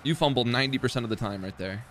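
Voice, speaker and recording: A young gaming streamer talks to himself while playing a football video game, casually commenting, swearing, and mocking his own mistakes. His mid-range voice is fairly bright, and he speaks in rapid-fire bursts.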